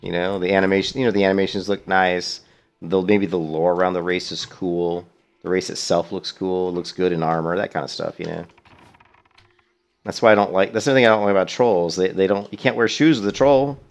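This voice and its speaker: A man's voice: low voice, fairly even intonation, brisk. A man streaming a video game, chatting casually in a rambling, profane way. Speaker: let's play streamer. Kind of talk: casual gaming commentary.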